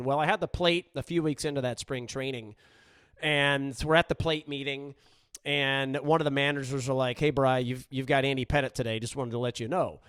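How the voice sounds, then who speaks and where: A middle-aged man hosting a podcast, telling a story in a relaxed, chatty way with frequent restarts. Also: medium pitch, clean tone, no echo. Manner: relaxed, conversational, frequent restarts and "you know". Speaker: podcast host. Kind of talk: storytelling in casual chat.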